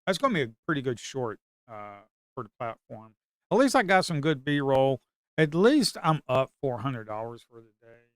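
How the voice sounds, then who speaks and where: A man giving casual, rambling commentary on his trading screen, excitable and slangy. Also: medium pitch, normal speed, smooth, no echo, studio quality. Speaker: futures trader and video host.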